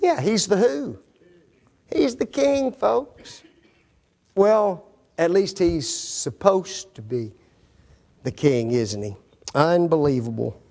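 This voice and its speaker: High, lively male Bible teacher. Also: slow, vocal fry, long pauses. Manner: quizzes audience with fill-in questions; folksy, joking asides. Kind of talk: Bible study lesson.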